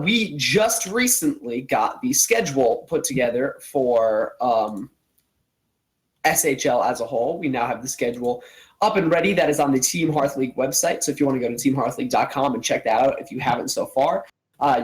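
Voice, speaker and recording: A man's voice: medium pitch, low-quality recording. A man hosting a casual live-streamed show, upbeat and eager as he hypes upcoming matchups. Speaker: show host.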